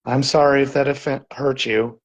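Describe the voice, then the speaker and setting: A man from Texas on a live-streamed ghost hunt, talking softly and reassuringly to an unseen presence in an old building. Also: medium pitch, little pitch movement, moderate pace, highs cut off, crowd noise. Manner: soft, coaxing, reassuring. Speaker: paranormal investigator. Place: old saloon building at night.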